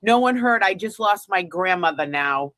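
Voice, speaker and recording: A woman guest on a casual livestream, talking frankly and haltingly, stuffy with a cold. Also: fairly low pitch, animated, fairly bright tone, dry recording. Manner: frank, hesitant, many fillers.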